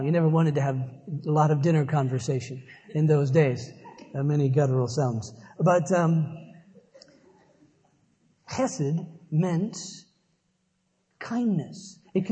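A man's voice: on the high side, dark tone, breathy edge. A man preaching a sermon, earnest, building to emphatic repeated phrases. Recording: long hall reverb.

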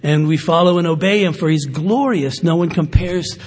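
A man's voice: fairly high pitch, moderate pace, darkish tone. A man preaching a sermon in a conversational, earnest way, with fillers and asides. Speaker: pastor. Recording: long hall reverb.

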